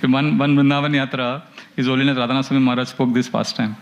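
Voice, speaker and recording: A man's voice: medium pitch, level tone, fast talker, muffled recording, slight background noise. A man teaching a devotional class, telling stories with animation and chanting verses. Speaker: spiritual teacher.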